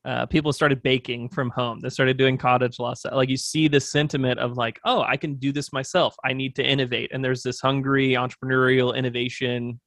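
A man's voice: medium pitch, little pitch movement, a little fast, gravelly, few pauses, fairly bright tone, no room sound. Rambling man, dry close sound. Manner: thoughtful, rambling with fillers. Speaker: agency owner, podcast guest. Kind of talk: casual interview talk.

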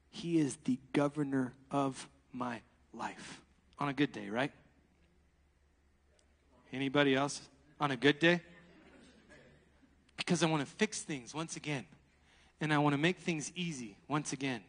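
A man preaching a sermon, animated and laughing, swinging between loud exclamations and hushed asides. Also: medium pitch, a little slow, long pauses, long reverb tail.

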